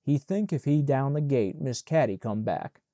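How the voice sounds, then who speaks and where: A man's voice: medium pitch, expressive, moderate pace, mellow, dry recording, studio quality, natural voice. A man voicing a weary young male servant speaking in folksy Southern dialect.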